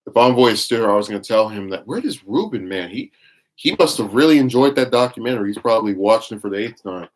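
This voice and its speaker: A man's voice: lowish voice, animated, fast. Blunt, rambling male stream commentator. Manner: blunt, scornful and rambling, with frequent restarts. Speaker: livestream commentator. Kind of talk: casual live-stream commentary, reading chat.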